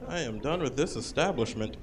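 A man performing a stand-up comedy set on a club stage, lively and jumping into shouted put-on voices. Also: medium pitch, a little fast, noisy background. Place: comedy club stage under hot lights.

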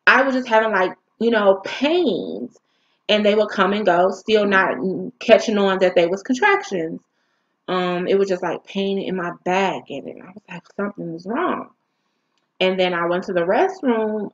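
Woman, mid-pitched, telling a raw personal story on camera; halting, emotional, candid; dull lo-fi audio. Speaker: vlogger.

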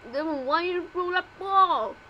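A woman's voice: very high voice, takes it slowly, highs cut off, a little hiss or hum. A woman voicing all the characters of a homemade fan cartoon, with frantic yelps and exclamations.

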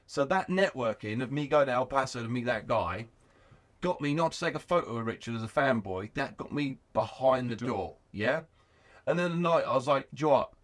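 Excitable, sweary British man telling stories. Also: medium pitch, brisk. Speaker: podcast guest. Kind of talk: casual podcast storytelling.

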